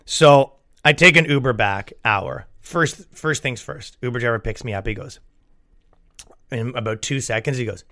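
A man hosting a comedy podcast, telling stories in an animated, exasperated rant. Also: medium pitch, moderate pace, gravelly. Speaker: podcast host. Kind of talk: comedic storytelling.

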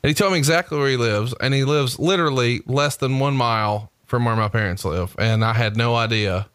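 A man's voice: medium pitch, a little fast, clear, resonant tone, no room sound. Alabama guy hosting a podcast, mid voice, tells stories with lots of energy, dry close mic. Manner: storytelling, animated, laughing asides. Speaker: podcast host. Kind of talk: casual chat.

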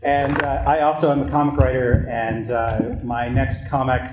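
A man introducing himself on a comic panel, halting with many fillers. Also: mid-range voice, little pitch movement. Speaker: comic writer. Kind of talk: casual panel chat. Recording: echoey room, loud noise.

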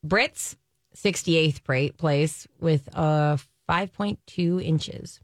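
A woman's voice: sits low, very slow, no room sound. Playful woman radio co-host, dry sound. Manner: playful, teasing, animated storytelling. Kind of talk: casual radio chat.

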